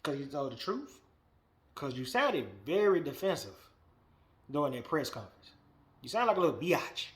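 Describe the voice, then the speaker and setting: A man hosting a wrestling podcast, giving a blunt, profane, animated opinion rant that swings between muttering and loud outbursts. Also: on the high side, moderate pace, pauses often.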